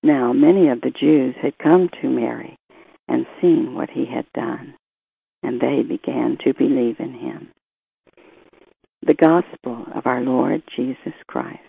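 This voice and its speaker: A priest reading the gospel and giving a measured, reflective homily that quotes scripture and scholars. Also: male voice, mid-range voice, creaky, slightly rough. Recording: tinny phone-like sound, dry.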